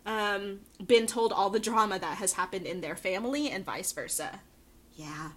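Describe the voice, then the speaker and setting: A woman co-hosting a podcast in casual chat, laughing often and filling pauses with ums. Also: mid-range voice, fairly bright tone. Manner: giggly, lots of ums and laughs. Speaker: podcast co-host.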